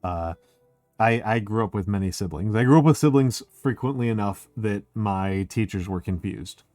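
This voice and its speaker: A man chatting casually on a stream, excitable and swearing, full of filler words. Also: on the low side, moderate pace, no echo, faint music behind. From United States. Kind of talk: casual chat.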